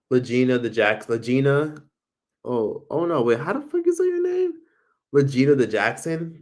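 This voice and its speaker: Chatty man hosting a live stream. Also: fairly low pitch. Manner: chatty, swears freely, reads viewer comments aloud. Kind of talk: casual live stream chat.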